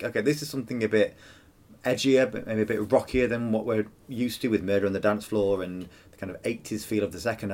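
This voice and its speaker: A man co-hosting a podcast, reflecting chattily on songs and memories in a casual music review. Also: lowish voice. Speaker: podcast co-host.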